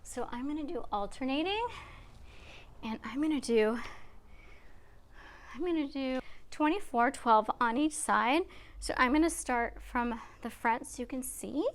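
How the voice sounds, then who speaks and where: A woman fitness instructor with a high voice leads a beginner workout, speaking a bit slowly with long pauses. Slightly out of breath, she encourages listeners and counts reps aloud as she exercises.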